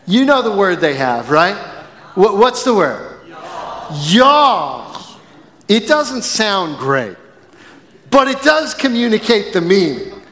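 A male pastor from the northern United States preaching a sermon in a church, swinging from quiet, measured phrases to loud, emphatic ones. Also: sits high, sing-song. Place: church sanctuary. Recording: long hall reverb.

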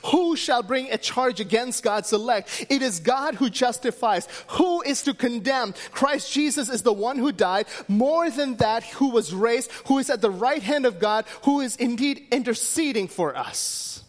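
High-voiced man preaching a sermon. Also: expressive, measured pace, few pauses. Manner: emphatic preaching with repeated refrains. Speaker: pastor.

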